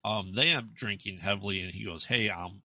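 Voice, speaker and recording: American guy, low voice, rambly podcast movie recap, lots of ums, dry close sound. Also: fast, bright, forceful tone, no echo. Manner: rambling, many fillers and restarts. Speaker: podcast co-host. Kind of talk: casual movie recap chat.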